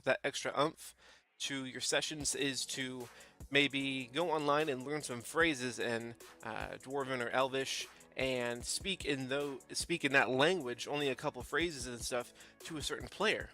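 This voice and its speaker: Bright-voiced man giving casual game tips. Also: mid-range voice, measured pace, faint music behind. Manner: loose, rambling delivery with frequent fillers. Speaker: tabletop game YouTuber. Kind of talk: casual tutorial talk.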